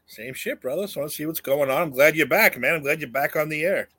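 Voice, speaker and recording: A man's voice: fairly high pitch, a little fast, bright, forceful tone, husky. A man from New York co-hosting a casual talk show, blunt and opinionated, swearing casually. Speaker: co-host. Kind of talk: casual chat.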